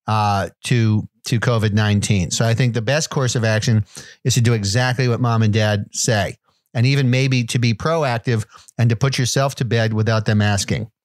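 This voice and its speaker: Man, podcast co-host, deadpan, mock-authoritative, dry sound. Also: lowish voice, normal speed, no room sound. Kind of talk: comedic casual chat.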